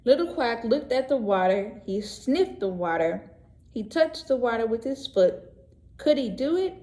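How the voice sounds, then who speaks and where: A pre-K teacher reads a picture book aloud to young children in a gentle, expressive voice with fairly high pitch. She stops to ask questions and explain words during this read-aloud lesson, recorded in an echoey room.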